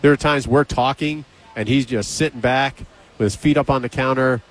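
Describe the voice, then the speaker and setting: Male radio host, casual storyteller, animated delivery, plays out the dialogue himself. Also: mid-range voice, moderate pace. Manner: animated, acts out both sides of conversations. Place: radio studio.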